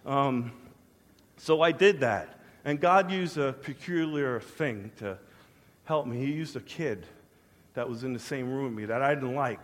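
A middle-aged man preaching a personal testimony, swinging from hushed to loud as he acts out his prayers, in a large church hall. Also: mid-range voice. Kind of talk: sermon testimony. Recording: long hall reverb.

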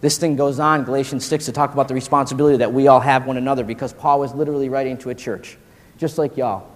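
A man in his forties preaching a casual, slangy sermon to college students, animated and full of "dude" and "man". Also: mid-range voice, fast talker. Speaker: pastor. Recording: long hall reverb.

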